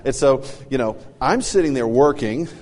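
A middle-aged man co-hosting a casual parenting talk, telling animated stories and acting out the people he quotes. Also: moderate pace, long reverb tail. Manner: animated storyteller, acts out quotes with big pitch jumps. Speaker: co-host.

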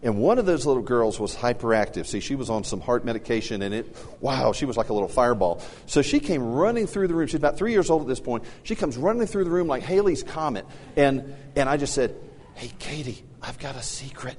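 A middle-aged man co-hosting a casual parenting talk, telling animated stories and acting out the people he quotes. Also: fast, long reverb tail. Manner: animated storyteller, acts out quotes with big pitch jumps. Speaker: co-host.

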